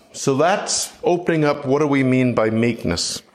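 Slow, reflective middle-aged male preacher, mid-pitched, measured sermon delivery. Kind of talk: sermon teaching.

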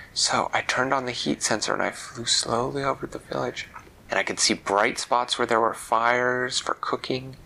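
A man's voice: fairly low pitch, gravelly, sharp tone, slight background noise, low-quality recording. A man telling a fantasy story aloud, leisurely and repeating words for effect. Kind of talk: oral storytelling.

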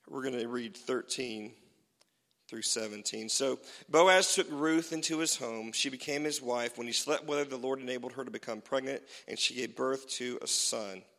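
A man preaching a sermon, telling a Bible story with lively swings between loud and soft. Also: medium pitch, moderate pace. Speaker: pastor. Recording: church hall reverb.

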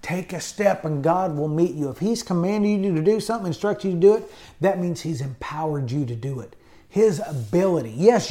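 A college-educated adult pastor with a fairly high, mellow voice preaches emphatically, frequently throwing in amens and hallelujahs.

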